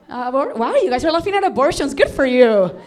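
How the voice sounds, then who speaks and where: A woman's voice: sits high, a little mellow. A woman hosting a comedy show, doing a stand-up set in a chatty way and giggling at her own jokes. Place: comedy stage before a live audience.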